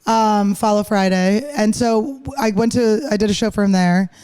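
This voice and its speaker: Female comic guest from Philadelphia, thirties, fast and joking, does voices of the people she quotes. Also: mid-range voice, steady tone, crowd noise. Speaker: comedian guest. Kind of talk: casual podcast storytelling.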